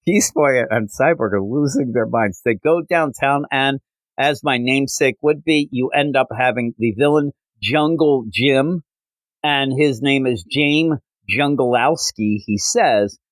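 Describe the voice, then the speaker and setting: A man's voice: medium pitch, measured pace, dry recording, poor audio. Man casually recapping comics, dry sound. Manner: animated recap, frequent fillers. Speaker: podcast host. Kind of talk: casual comic book review.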